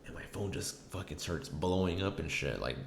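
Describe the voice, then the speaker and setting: Man, very low voice, casual podcast host, rambling profane storytelling, echoey room, faint hiss. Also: moderate pace, vocal fry. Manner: rambling, profane, many fillers.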